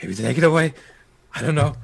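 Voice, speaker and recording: A man playing a wounded adventurer at a tabletop game, fading from blood loss. He mumbles in a hoarse, strained voice, with the slightly raised pitch of a man in distress. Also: expressive, brisk. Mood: faint, pleading.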